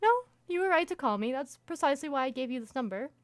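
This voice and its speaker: A woman voicing a calm, rational middle-aged male doctor in a game she reads aloud, speaking in a measured, reassuring way. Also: high-pitched, no echo. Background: background music.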